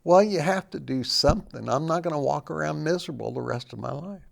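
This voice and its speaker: A man's voice: a little high, a little fast, gravelly. An older man, a guest in an interview, telling his personal story in a plain-spoken, reflective way.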